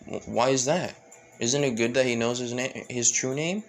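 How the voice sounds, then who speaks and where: A gentle, caring young woman, as a man puts her on while telling a fan story. She speaks softly and teases her friend fondly. The voice stays close to the man's own. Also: mid-range voice, normal speed, a little hiss or hum, natural voice.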